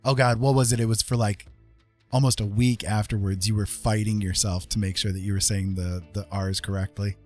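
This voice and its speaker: Low-voiced man, rambling stream host. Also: steady tone, brisk, darkish tone, soft background music. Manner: rambling, explains at length with fillers. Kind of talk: casual chat.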